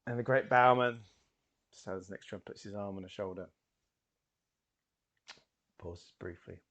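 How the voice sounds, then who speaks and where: A man's voice: lowish voice, measured pace, fairly bright tone, highs cut off. A man narrating a tabletop role-playing game as game master, hesitant with fillers.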